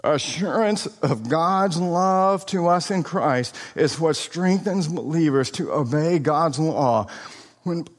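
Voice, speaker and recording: A man's voice: fairly high pitch, takes it slowly. A man delivering a sermon in an earnest, emphatic way, recorded in a hall. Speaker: preacher. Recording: long hall reverb.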